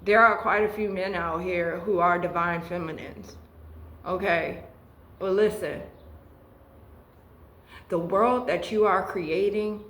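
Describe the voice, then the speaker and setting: A woman's voice: mid-range voice, echoey room, rough recording. A woman giving a tarot reading and chatting about her own life, earnest and emotional, often restarting her sentences. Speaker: tarot reader. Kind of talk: tarot reading with personal chat.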